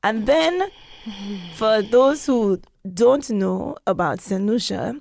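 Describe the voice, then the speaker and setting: A woman telling a story in casual podcast chat, animated and acting out the quotes she tells. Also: slow pace, gravelly. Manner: animated, acts out quotes with big pitch jumps.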